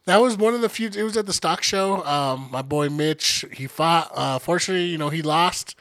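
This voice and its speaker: A man's voice: fairly high pitch, normal speed, a bit bright. A young man co-hosting a podcast, joking and teasing his sister in dry banter. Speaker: podcast co-host. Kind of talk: casual podcast chat.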